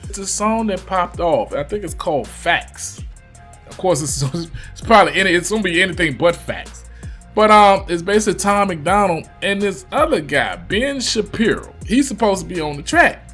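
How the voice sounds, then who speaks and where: A man's voice: high voice, big pitch swings, normal speed, fairly bright tone, faint music behind. A man with a Virginia accent giving loose, slangy reaction commentary, swearing freely. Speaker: reaction youtuber.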